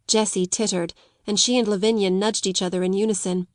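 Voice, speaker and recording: A woman's voice: mid-range voice, steady tone, no echo. Woman narrating a classic novel, dry sound. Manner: measured storytelling. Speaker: audiobook narrator. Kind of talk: scripted narration.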